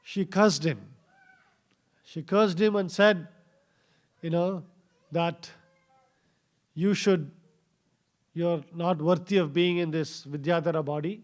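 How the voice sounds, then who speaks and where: A man giving a scripture class in a temple, telling a story with many fillers and pauses. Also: on the high side, fairly even intonation. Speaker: scripture speaker. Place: temple hall.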